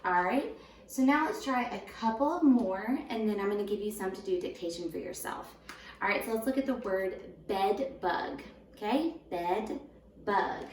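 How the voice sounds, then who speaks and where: A woman teaching first graders a recorded home lesson, patient and slow, sounding words out syllable by syllable. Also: medium pitch, expressive. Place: home room. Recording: roomy echo, voice a bit far from the mic.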